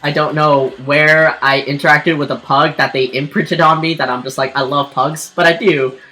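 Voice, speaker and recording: A woman's voice: deep voice, fairly even intonation, normal speed, pushed and bright. A woman streamer telling a personal story in casual chat while drawing, rambling with lots of fillers and restarts. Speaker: streamer and artist.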